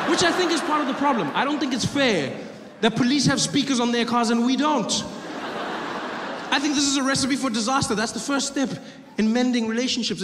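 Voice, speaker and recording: Animated stand-up comedian man, high voice. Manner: animated, acts out characters with shifting voices. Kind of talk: stand-up routine. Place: large theater stage with audience. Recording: live hall recording with reverb and audience noise.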